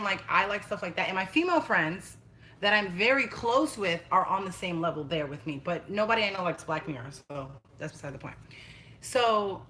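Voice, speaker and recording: A woman's voice: mid-range voice, sharp tone, a little hiss or hum. A young woman chatting casually and bluntly on a livestream, swearing freely. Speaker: vlogger.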